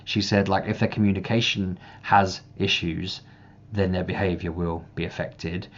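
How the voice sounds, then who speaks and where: A man's voice: low voice, normal speed, dull audio. A young man talking casually to camera as a parent vlogger, rambling and restarting his sentences often. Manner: rambling, restarts often, animated when reenacting.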